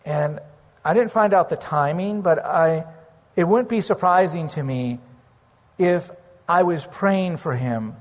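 A man's voice: fairly high pitch, measured pace. Earnest preacher man in a reverberant hall. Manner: earnest storytelling, slips into praying aloud. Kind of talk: sermon testimony.

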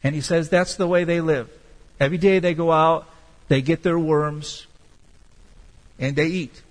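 A man preaching a sermon as pastor, emphatic and slowing down to stress key words. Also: a little high, fairly even intonation, big-room sound, low-quality recording.

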